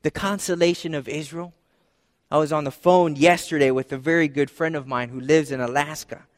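High-voiced pastor preaching in a reverberant hall. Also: male voice, fairly even intonation, a little fast. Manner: conversational preaching, dropping soft and low for emphasis. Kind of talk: sermon.

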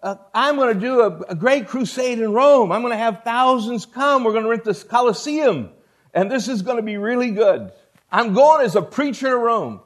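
A man voicing the apostle Paul as an eager grown man with a raised, excited voice. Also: very high-pitched, normal speed, voice pushed up.

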